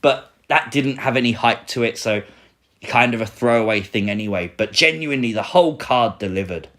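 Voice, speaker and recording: Excitable young British man streaming live. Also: medium pitch, a little fast. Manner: excitable, reads out viewer comments. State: recovering, a little sore. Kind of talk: casual live stream chat.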